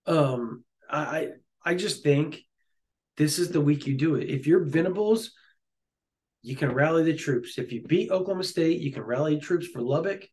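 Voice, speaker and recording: A man co-hosting a casual sports chat, jokey and excitable, often laughing. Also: a little high, normal speed. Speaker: sports podcast co-host.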